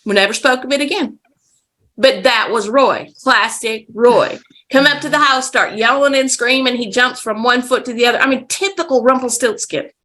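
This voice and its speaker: Podcast guest: woman with a bright, fairly high voice, lively storyteller. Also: moderate pace. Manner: vivid, animated storyteller. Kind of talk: casual storytelling.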